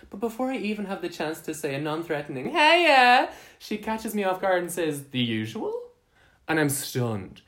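A man playing a frazzled, camp young man in an audio drama, venting dramatically about his day. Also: a little high. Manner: animated, dramatic ranting with swearing.

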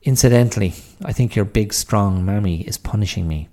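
A man voicing a sharp-tongued, sarcastic elderly woman with an Irish accent. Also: on the low side, fairly quick, natural voice. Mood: sardonic. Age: older. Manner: dry, sarcastic.

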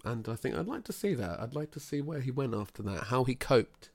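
A man's voice: mid-range voice, very animated, a little fast, a little mellow. A man in casual chat, rambling through comic stories and laughing.

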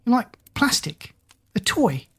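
A woman's voice: fairly high pitch, sing-song, slow pace, slightly rough, voice pushed up, full character voice. A woman voicing a spirited teenage schoolgirl who talks in a blunt, questioning way. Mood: startled.

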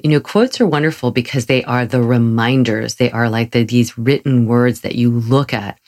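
A woman giving a casual motivational talk, chatty and enthusiastic, telling personal stories with frequent laughs and fillers. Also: very deep voice. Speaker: motivational speaker.

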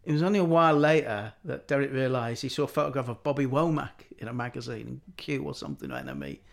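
A man's voice: mid-range voice, lively intonation, fast talker, gravelly. A middle-aged man telling anecdotes in casual chat, acting out the voices of people he quotes.

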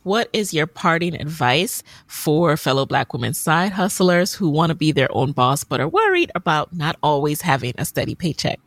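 A woman's voice: sits low, very animated, normal speed, hardly any pauses, no echo. A woman hosting a podcast interview, affirming her guest and moving through questions. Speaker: podcast host.

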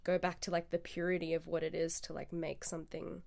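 A woman's voice: lowish voice, completely flat delivery, brisk, creaky, a little mellow. A woman from India who is a songwriter and podcast guest, chatting enthusiastically in a casual way, laughing often and filling her talk with "like".

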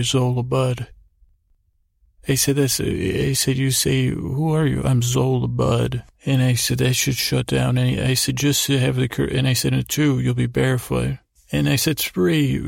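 A man hosting a podcast, telling a rambling improvised sleep story in a low-key, drowsy way, trailing off and repeating himself as he goes. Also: creaky, darkish tone, no echo, clean studio sound. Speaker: podcast host.

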